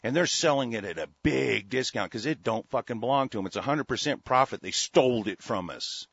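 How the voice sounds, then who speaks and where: A man's voice: medium pitch, animated, fairly quick, vocal fry, a bit bright, breathy edge. A man ranting angrily about politics as a show host, swearing often and restarting his sentences. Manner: profane, heated, many restarts. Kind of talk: angry political rant. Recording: dull lo-fi dry recording.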